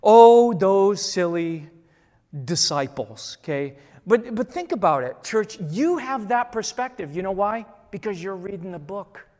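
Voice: medium pitch, very animated, moderate pace, few pauses, in a large hall. A pastor delivering a sermon to a congregation, repeating key lines and acting out the voices in the stories he tells.

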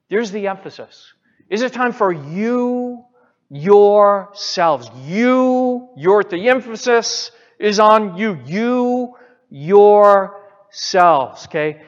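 Guy preaching slow and high, big echoey church hall, kinda muffled. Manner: emphatic preaching, repeats phrases, addresses the church directly. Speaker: pastor. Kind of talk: sermon. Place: church sanctuary. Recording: reverberant hall, muffled sound.

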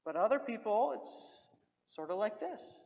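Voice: medium pitch, sing-song, a little slow, vocal fry, darkish tone. Preacher in a reverberant hall. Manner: direct, exhorting, repeats key phrases. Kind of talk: sermon. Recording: dull recording with long hall reverb.

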